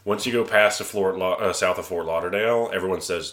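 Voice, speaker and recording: A man's voice: low voice, fairly quick, a bit bright. A young man from Alabama, a podcast guest, chatting casually in a rambling way full of fillers and swearing. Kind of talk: casual chat.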